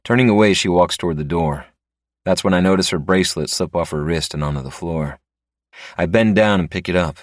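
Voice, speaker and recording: A man narrates a first-person story with a deep, low voice. His delivery is dry and a little wry. The recording is close and dead, with no room sound. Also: fairly quick, no echo.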